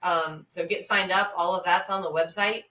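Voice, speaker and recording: A woman co-hosts a casual podcast, her voice bright and forceful with a slightly low pitch. She sits back from the mic in a roomy, echoing space. She talks chattily, with frequent ums. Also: fairly even intonation, moderate pace, distant mic. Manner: chatty, promotional, many fillers. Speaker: podcast co-host. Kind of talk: casual chat.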